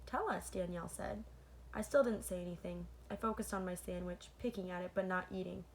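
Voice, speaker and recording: A woman reading a children's novel aloud as the host of her own read-aloud channel. She corrects her own slips mid-sentence and pauses to add asides to her listeners. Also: lowish voice, gravelly, a little hiss or hum. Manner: stops to comment to listeners between passages.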